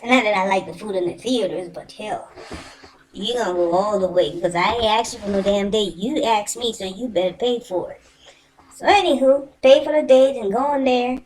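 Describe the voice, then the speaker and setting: A woman telling a personal story in a casual, animated and colloquial way, swearing freely. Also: medium pitch, moderate pace, poor audio.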